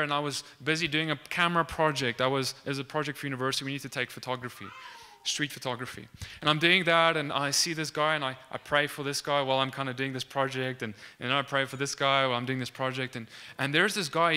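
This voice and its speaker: A man's voice: mid-range voice, fairly even intonation, quick pace, bright, forceful tone, clear, resonant tone. A young man earnestly telling a faith testimony from his student days, acting out the dialogue and often restarting his sentences. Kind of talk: animated testimony storytelling.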